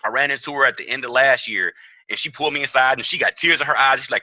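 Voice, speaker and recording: A young man, telling a story in an animated way and acting out the dialogue in a raised voice. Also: mid-range voice, very fast, dry recording, low-quality recording. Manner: excitable, acts out quoted dialogue in raised voice. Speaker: trading trainer.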